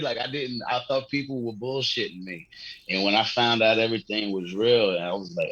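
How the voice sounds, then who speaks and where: Male comedian guest, husky low voice, loose slangy storyteller. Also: moderate pace, bright, forceful tone, dry recording, dull audio. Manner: rambling, slangy, swears, laughs often. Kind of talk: casual podcast storytelling.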